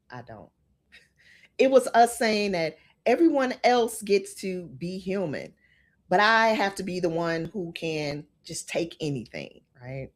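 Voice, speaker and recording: A middle-aged woman hosting a podcast, giving an earnest motivational talk and checking in with the listener often. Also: lowish voice. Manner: earnest, repeats "okay?" to the listener. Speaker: podcast host.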